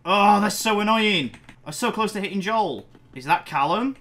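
A young man giving excited commentary over his own gameplay, talking to himself and getting loud in fights. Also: high voice, moderate pace. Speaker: gaming YouTuber.

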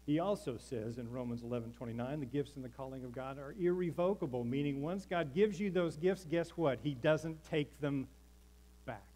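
A man preaching from the pulpit of a church. He is emphatic and rhythmic and leans on repeated lines. He calls out to the congregation for an answer. His voice sits at an ordinary middle pitch for a man. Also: fairly quick, few pauses, mellow, low-quality recording. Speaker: pastor. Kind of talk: sermon. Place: church sanctuary.

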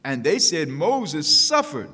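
A man's voice: on the high side, very animated, takes it slowly, bright, forceful tone, slightly rough. A man reading King James scripture aloud in church, answering with amens between verses. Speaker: scripture reader. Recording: reverberant church hall.

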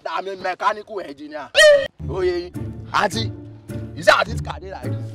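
A young man with a Nigerian Pidgin accent, a comedian in a sketch, loud and boisterous, swinging between shouts and mutters. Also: sits high, lively intonation, normal speed, vocal fry, over music.

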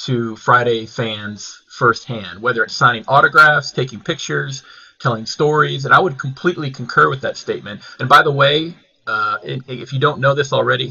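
Male host, eager interviewer, admiring, bright raspy voice, muffled video-call audio. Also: medium pitch. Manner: enthusiastic, admiring, stumbles on words. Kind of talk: friendly interview questions.

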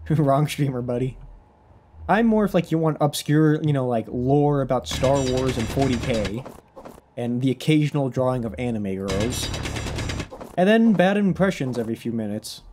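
A man's voice: medium pitch, animated, moderate pace, background noise. A young man chatting casually while live-streaming a game, rambling, restarting his sentences and laughing often.

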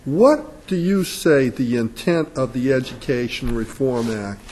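Mellow-voiced male judge probing counsel. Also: mid-range voice, expressive, unhurried, slight background noise. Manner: probing, interjecting questions with small restarts. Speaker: appellate judge questioning counsel. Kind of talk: courtroom questioning. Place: courtroom.

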